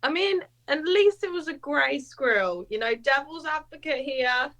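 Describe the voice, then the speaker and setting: Female co-host, wry and playful, a touch high. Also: expressive, moderate pace, a bit bright. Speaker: podcast co-host. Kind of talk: casual chat.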